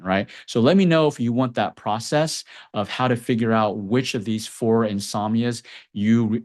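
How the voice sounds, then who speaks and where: A man in a mid-range voice gives an animated health lesson straight to camera. He talks like a practitioner teaching patients and stops often to ask "okay?" or "right?" so his viewers keep up. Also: mid-range voice. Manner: lively teacher, peppers lines with "okay?" and "right?". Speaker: acupuncturist and clinic owner. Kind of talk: educational health explainer to camera. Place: Texas clinic.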